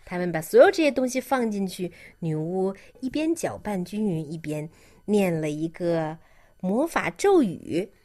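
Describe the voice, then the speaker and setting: Woman reading a picture book aloud to a child. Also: fairly low pitch. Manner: slow, expressive, coaxing questions.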